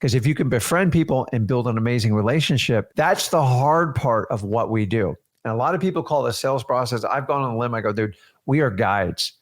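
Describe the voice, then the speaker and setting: A man's voice: mid-range voice, quick pace, few pauses. A man hosting a motivational coaching talk on real estate, earnest and speaking straight to listeners. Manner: earnest, preachy, addresses listeners directly. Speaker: host teaching real estate wholesaling.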